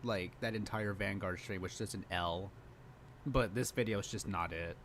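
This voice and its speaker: A man's voice: fairly low pitch, moderate pace, a bit bright, slight background noise. A man co-hosting a reaction stream, sarcastic and crude, laughing often. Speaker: co-host. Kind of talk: casual reaction commentary.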